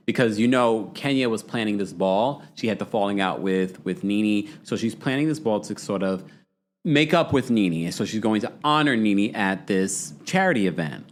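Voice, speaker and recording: A man hosting a casual livestream, chatting and reading viewer comments, with a dry mouth. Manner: chatty, animated, jumps into high voices when quoting. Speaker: host.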